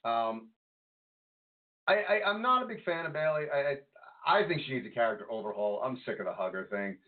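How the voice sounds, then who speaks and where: A man co-hosting a podcast, chatting casually about wrestling in an animated, exasperated way. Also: mid-range voice, a little fast. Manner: animated, exasperated ranting, breaks into laughter. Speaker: podcast co-host. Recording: tinny phone-like audio.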